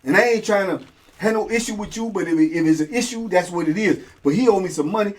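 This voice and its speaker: A man's voice: high-pitched, quick pace. A middle-aged man hosting a show, telling a story in casual, slang-heavy talk and acting out both sides of the conversations. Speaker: host and storyteller.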